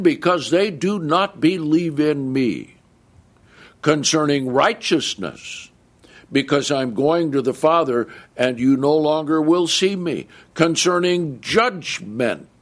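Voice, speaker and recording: Slow, lively-voiced male preacher. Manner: slow, emphatic reading with wide swings in pitch. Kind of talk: sermon, Bible exposition.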